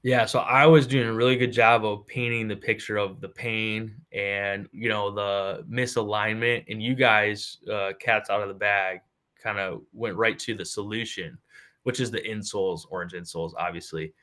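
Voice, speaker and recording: A man's voice: on the low side, steady tone, moderate pace, a bit bright. A man co-hosting a podcast, casually explaining how a product works, with frequent "uh" and "um" fillers.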